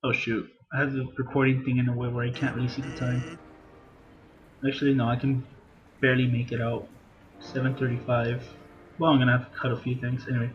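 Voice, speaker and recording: A man's voice: medium pitch, level tone, a little fast, lo-fi sound. A man giving casual let's-play commentary in an offhand, self-mocking way. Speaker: gamer. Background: game music.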